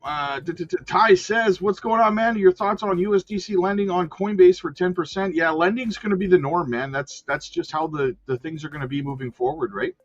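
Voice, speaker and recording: A man speaks a little fast with hardly any pauses in a high voice while hosting a casual crypto stream, talking to viewers and reading their comments out loud. The sound is dull and lo-fi with faint background music.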